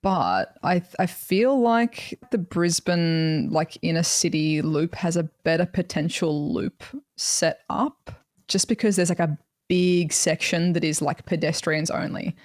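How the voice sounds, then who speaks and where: A woman's voice: on the low side, unhurried, a little mellow, no room sound, studio quality. An Australian woman guest on a podcast, chatting casually, laughing often and rambling with fillers.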